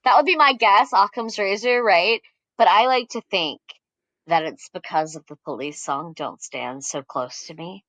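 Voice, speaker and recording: A woman's voice: mid-range voice, normal speed, fairly bright tone, dry recording. A woman from the American South, a podcast guest, chatting casually with wry humor. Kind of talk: casual chat.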